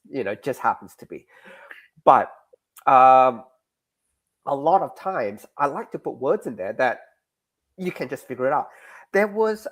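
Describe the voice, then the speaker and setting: A man being interviewed about his comics, talking in a lively, casual way with frequent restarts. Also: medium pitch. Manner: animated, restarts mid-sentence. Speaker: guest comics creator.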